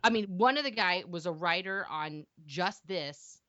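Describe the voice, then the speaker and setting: Bright, profane woman ranting. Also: lowish voice, measured pace, muffled recording. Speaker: podcast co-host. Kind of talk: casual film-review banter.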